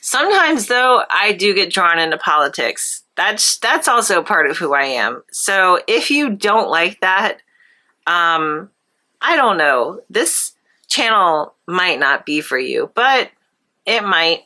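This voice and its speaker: A woman's voice: fairly low pitch, very animated, slow pace, pushed and bright. Nasal woman with a starting cold. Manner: self-deprecating, laughs often, rambling. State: coming down with a cold. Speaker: artist and channel host. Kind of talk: casual chat while painting.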